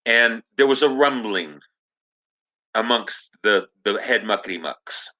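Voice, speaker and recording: An actor tells stories in a casual, animated way, slipping into the voices of the people he quotes. His voice sits low but has a bright, forceful edge. The podcast audio is dull and lo-fi. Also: a little slow. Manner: animated storyteller, acts out quoted dialogue. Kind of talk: casual storytelling interview.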